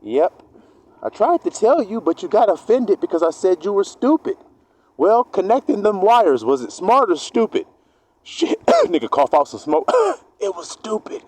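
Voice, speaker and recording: Animated, profane man preaching. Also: sits high, normal speed, low-quality recording. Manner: animated, profane, acts out both sides of arguments. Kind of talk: street-style sermon monologue.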